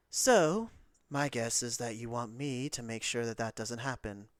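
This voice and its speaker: A man's voice: medium pitch, lively intonation, measured pace, no echo. A young man narrating a tabletop game as game master, casual with fillers.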